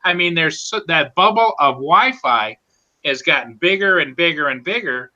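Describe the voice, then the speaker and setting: A man's voice: fairly high pitch, normal speed, highs cut off. A man chatting about flying drones, telling stories and acting out what others said. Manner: chatty, storytelling, animated quoting. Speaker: drone pilot co-host. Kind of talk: casual group chat.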